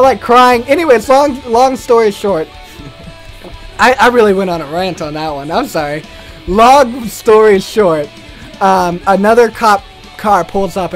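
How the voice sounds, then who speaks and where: A young man hosting a casual video, telling a rambling story and swearing freely. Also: high-pitched. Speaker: gaming channel host.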